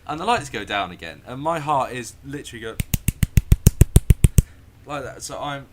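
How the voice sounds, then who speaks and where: Sweary, animated man telling a story. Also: mid-range voice, normal speed, slight background noise. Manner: animated, sweary, laughs often, acts out the scenes. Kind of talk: casual storytelling.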